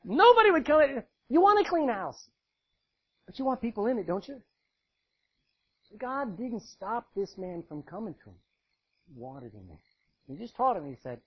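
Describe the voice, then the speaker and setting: A man preaching a sermon, dramatic and swinging from loud to hushed as he tells the scripture story. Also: sits high, sing-song, normal speed, husky, dull audio.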